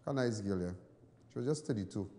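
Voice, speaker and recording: A Trinidadian man hosting a news show, telling personal stories in casual commentary, animated and then low and soft when sad. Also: fairly quick, in a large hall. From Trinidad and Tobago.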